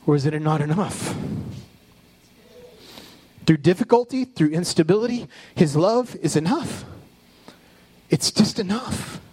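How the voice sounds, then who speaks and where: A male pastor preaching a sermon with passion, building up and then dropping into soft, low asides. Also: expressive, unhurried, pauses often, slightly rough. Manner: impassioned preaching with sudden soft, low drops.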